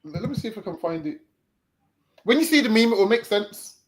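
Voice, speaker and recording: A man's voice: high-pitched, sing-song, a little fast. A man hosting a live stream show, chatting casually and often stammering and repeating words. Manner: stammering repetitions, easygoing.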